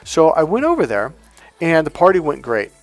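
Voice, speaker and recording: Soft music plays behind this middle-aged life coach, whose voice sits a little high at a moderate pace. Chatty and casual, he recounts something from his own life, voicing the dialogue with lively changes and the odd casual swear word.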